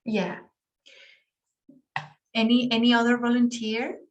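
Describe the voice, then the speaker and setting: Woman, native Spanish speaker, teacher on a video call, higher voice, unhurried patient explaining. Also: little pitch movement, lo-fi sound. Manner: patient, explains with spoken examples. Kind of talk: online class lecture.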